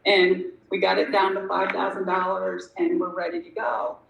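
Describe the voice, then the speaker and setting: A woman's voice: medium pitch, monotone, moderate pace, creaky, lo-fi sound. A middle-aged woman sharing her story at a recovery meeting, candid and self-deprecating, rambling with lots of fillers. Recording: echoey room with faint noise.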